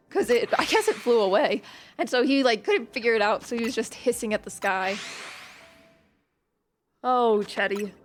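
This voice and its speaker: Chatty woman with a higher voice. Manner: chatty and playful, storytelling about her cat. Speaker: gaming video host. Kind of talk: casual gameplay commentary.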